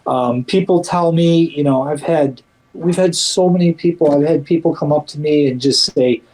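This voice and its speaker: A warm, mellow-toned man discusses his community work in a casual interview, speaking a little high at a moderate pace. He rambles, restarts, and stacks fillers yet pushes his points emphatically, brightening when he quotes people. The audio is poor.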